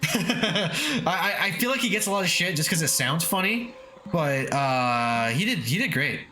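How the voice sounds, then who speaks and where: This man's voice runs on the high side, animated and sharp, at a normal speed. Streaming games to faint lofi background music, he chats casually, reads the chat aloud, cusses freely and laughs often.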